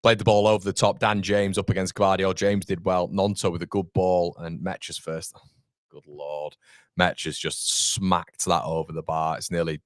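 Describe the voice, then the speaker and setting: A low-pitched man hosts a live football watchalong for a fan channel, offering blunt commentary peppered with the odd curse. The audio is dry and studio quality.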